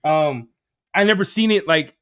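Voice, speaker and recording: A man's voice: a little high, normal speed, smooth. A man chatting casually on a livestream, telling stories with jokes and the odd swear word. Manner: animated storyteller, joking, swears casually.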